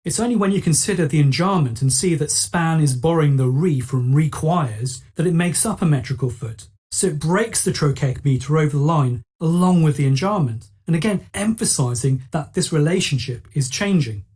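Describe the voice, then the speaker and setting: Woman teaching, mellow and husky. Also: deep voice, normal speed, few pauses. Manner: clear explanatory, rhetorical questions. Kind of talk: scripted lesson narration.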